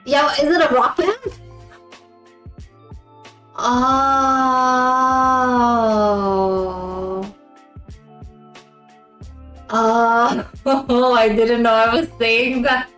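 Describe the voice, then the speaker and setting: A woman's voice: sits high, drawn-out words, long pauses, a bit bright. A woman live streamer chatting casually with her viewers, giggling often between remarks. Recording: roomy echo, faint background music.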